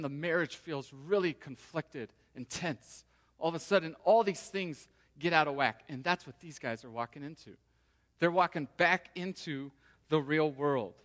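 A man preaching a sermon to his congregation in a relaxed, conversational way, sometimes voicing the people in the story. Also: on the high side. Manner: conversational, acts out quoted voices. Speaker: pastor. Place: church sanctuary. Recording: long hall reverb.

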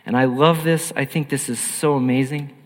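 A man preaching a sermon in an earnest, emphatic way, swinging between loud and hushed. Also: medium pitch, steady tone, moderate pace, in a large hall.

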